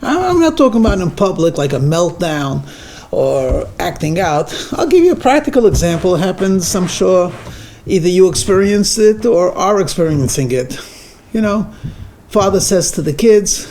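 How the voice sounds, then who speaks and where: Animated, high-voiced male rabbi lecturing. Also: a little slow. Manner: animated, storytelling, conversational. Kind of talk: weekly lecture. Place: synagogue lecture room.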